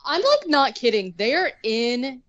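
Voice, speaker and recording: A woman's voice: high voice, big pitch swings, unhurried, a bit bright, dry recording, muffled recording. A young woman casually recapping a movie on a podcast, sarcastic and rambling, full of "like" and the odd swear word.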